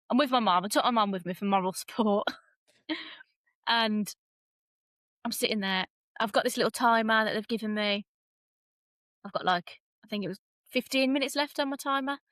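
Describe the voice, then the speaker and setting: A young British woman guest on a podcast, telling her story in a lively, dramatic way and laughing often. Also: a little high, moderate pace, long pauses, no echo. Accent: British English. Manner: animated, self-described dramatic, laughs often. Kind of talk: casual storytelling interview.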